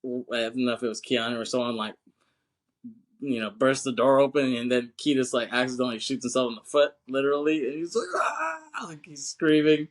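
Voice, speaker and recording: Brisk and steady, his mid-range voice carries a casual, rambling account of a film scene on the podcast he co-hosts. He curses, laughs frequently and acts out bits of dialogue.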